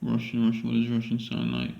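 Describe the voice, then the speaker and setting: A man's voice: mid-range voice, sing-song, quick pace, vocal fry, warm tone, reverberant, lo-fi sound. A man with a London accent recording a casual audition at home, hesitant and repeating himself as he muses aloud.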